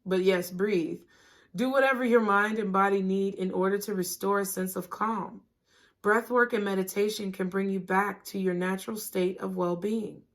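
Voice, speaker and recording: A woman giving a tarot reading, talking gently and reassuringly and often checking in with "okay?". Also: medium pitch, fairly even intonation, moderate pace. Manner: casual, laughing and swearing at times. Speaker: tarot reader.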